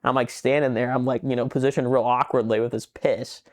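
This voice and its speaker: A young man co-hosting a podcast, telling a rambling story in casual chat, swearing a lot and getting animated as he retells it. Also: medium pitch, a little fast. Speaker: podcast co-host.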